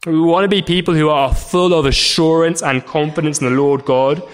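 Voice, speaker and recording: Earnest preacher man, halting speech. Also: on the high side, fairly even intonation, smooth. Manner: earnest, repeats and stumbles over words, rhetorical tag questions. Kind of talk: sermon.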